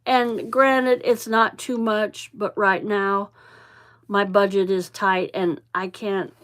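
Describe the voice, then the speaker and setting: Woman, casual crafting vlogger, mid pitch, easygoing, rambling show-and-tell. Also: steady tone, takes it slowly, a bit bright. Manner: chatty, meandering, shows crafts while talking. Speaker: journaling vlogger.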